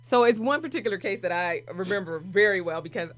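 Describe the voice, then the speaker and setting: A woman guest in a casual interview, telling stories and acting out the people in them with lively energy. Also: medium pitch, fast talker, a little hiss or hum. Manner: animated, acts out voices in her stories. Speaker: guest, prison doctor.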